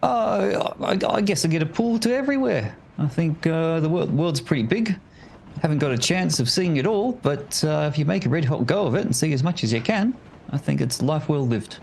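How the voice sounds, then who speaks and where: A man voicing an easygoing, well-traveled New Zealander who talks in a relaxed, hesitant way. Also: fairly high pitch, normal speed, gravelly, slight background noise.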